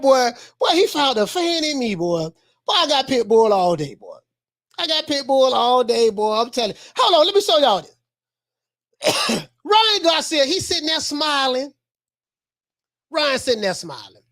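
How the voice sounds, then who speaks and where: A woman doing casual livestream boxing commentary, animated, repeating herself and laughing often. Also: sits high, moderate pace.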